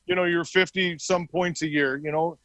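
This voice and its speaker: A man's voice: fairly high pitch, moderate pace, no room sound, rough recording. A middle-aged man telling stories casually as an interview guest, acting out the dialogue as he goes. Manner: animated storyteller acting out quoted dialogue. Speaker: interview guest, former hockey player. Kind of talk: casual storytelling.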